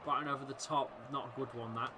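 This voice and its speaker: A man hosting a live fan watchalong, commentating on the match and shouting encouragement at his team. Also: mid-range voice, fairly even intonation, quick pace, background noise. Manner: chatty, reacting and laughing at misses. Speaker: football fan watchalong host.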